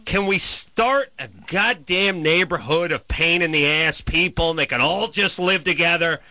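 A man's voice: on the high side, moderate pace, sharp tone, dry recording. A man hosting a podcast, telling a profane, exasperated comic rant about his neighbors. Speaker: podcast host. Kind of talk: comedic ranting storytelling.

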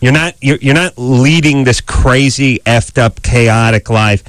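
A man co-hosting a call-in radio show, brash and mocking, with bursts of shouted impressions. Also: medium pitch, steady tone, a little slow, no room sound.

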